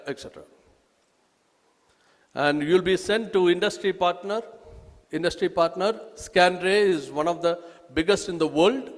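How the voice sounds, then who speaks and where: A man with an Indian accent speaks to an audience in a halting, emphatic manner, often restarting his phrases. His voice sits a little high for a man. It rings with the long reverb of a large hall. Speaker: speaker presenting a nursing course. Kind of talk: public talk at an event. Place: event hall.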